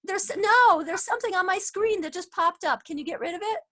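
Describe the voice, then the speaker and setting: A high-voiced woman leads an online class over a video call. She talks in a chatty way, with many fillers and restarts. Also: animated, fairly quick, fairly bright tone. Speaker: teacher.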